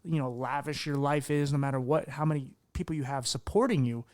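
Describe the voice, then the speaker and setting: A man's voice: mid-range voice, a little fast, a little mellow, dry recording. A man hosting a podcast interview, talking candidly in a rambling way with many restarts. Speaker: podcast host. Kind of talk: casual conversational interview.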